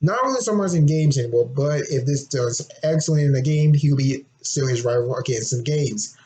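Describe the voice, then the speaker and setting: A young man talking casually and rambling, clearing his throat often, his voice a bit hoarse. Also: medium pitch, lively intonation, fairly quick, dark tone, low-quality recording. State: a little hoarse, throat getting sore. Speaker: fan presenting his game concept. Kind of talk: casual unscripted monologue.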